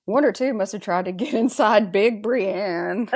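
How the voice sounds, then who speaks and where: A woman's voice: medium pitch, measured pace, a little mellow. A woman on a podcast reading out the lines of a sarcastic, mocking captive male knight in a teasing tone. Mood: taunting. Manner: teasing, taunting read-aloud.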